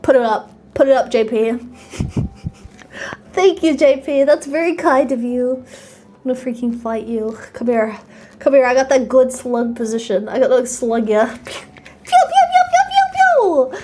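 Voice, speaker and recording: A young woman VTuber streams live, her bright, high voice jumping all over the place. Excitable and quick to squeal or giggle, she chats casually with her audience over a little hiss or hum.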